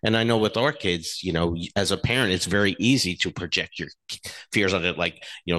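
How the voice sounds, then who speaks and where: Middle-aged male co-host, deep low voice, earnest and frank, storytelling. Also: a little fast, bright, forceful tone. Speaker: podcast co-host. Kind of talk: casual relationship talk.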